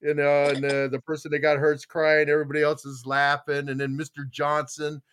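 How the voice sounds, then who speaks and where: A middle-aged man from Tucson hosting a podcast in casual chat, telling animated stories and acting out quoted voices. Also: on the high side, fairly quick, smooth. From Tucson, Arizona. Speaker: podcast host.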